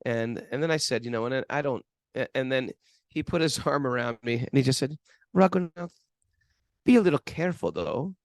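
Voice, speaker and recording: A man's voice: mid-range voice, fairly even intonation, fairly quick, no echo. A man co-hosting a spiritual podcast, telling a self-mocking story in a rambling, chatty way. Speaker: podcast co-host. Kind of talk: casual spiritual chat.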